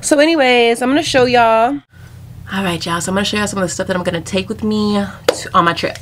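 A woman's voice: medium pitch, fast. Young southern woman rambling to her vlog camera, sassy, says y'all a lot, little bit of hiss behind her. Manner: chatty, sassy, addresses viewers as y'all and honey. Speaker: vlogger. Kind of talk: casual vlog chat. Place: home closet.

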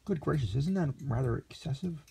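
A man's voice: medium pitch, lively intonation, a little fast, creaky, dark tone, slightly rough, pitched above the performer's own voice, heavily acted. A man voicing a meek, naive young man from the country, eager and wide-eyed.

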